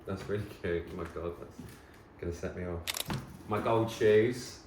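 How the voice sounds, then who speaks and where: A man, chatting casually to camera in an excitable, nostalgic way. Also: low voice, normal speed, roomy sound, noisy background. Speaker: vlogger host. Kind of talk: casual chat.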